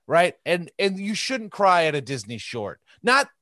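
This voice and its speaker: A man's voice: sits high, very animated, unhurried, sharp tone. A man in his thirties in casual podcast chat, rambling and emphatic and tagging his points with "okay?".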